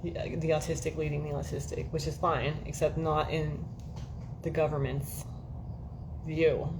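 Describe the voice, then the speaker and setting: A woman's voice: low-pitched, flat delivery, measured pace, background noise. A woman chatting casually to viewers on a livestream from her home, rambling, swearing freely and laughing at herself often. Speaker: livestream host. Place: indoors at home, air-conditioned room.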